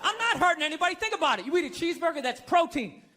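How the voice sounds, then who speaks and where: Stand-up man, very high bright tenor, sarcastic ranting, live stage mic with a faint crowd. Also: big pitch swings, very fast. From United States. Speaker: stand-up comedian. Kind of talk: stand-up routine. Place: comedy stage before a live audience. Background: audience laughter.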